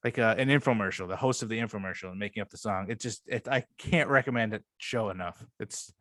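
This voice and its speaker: A man's voice: fairly low pitch, fast, a bit bright, dry recording, clean studio sound. Rambling, profane man in casual chat. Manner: rambling, profane, enthusiastic retelling. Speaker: podcast co-host.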